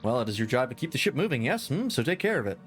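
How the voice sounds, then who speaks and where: A boastful, flamboyant rich merchant holds forth in grand, formal sentences, as a man puts him on. His voice sits at an ordinary middle pitch, stretched into theatrical, self-important delivery. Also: sing-song, racing, faint music behind, close to an everyday voice. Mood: pompous.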